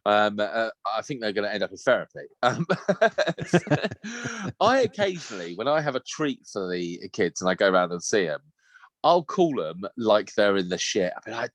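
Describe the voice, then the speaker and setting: A man's voice: on the low side, normal speed, no echo. A man, co-hosting a podcast, chatting casually and telling sweary, laughing stories. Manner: sweary, laughing, animated storytelling. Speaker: podcast co-host. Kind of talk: casual chat.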